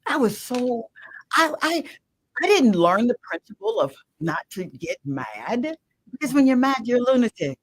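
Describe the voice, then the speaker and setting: A middle-aged woman from Mississippi telling her personal story as a guest, impassioned, swinging from loud emphatic bursts to hushed whispers. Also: fairly high pitch, big pitch swings, moderate pace, breathy edge, poor audio. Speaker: guest, radio show host. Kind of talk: emotional personal testimony.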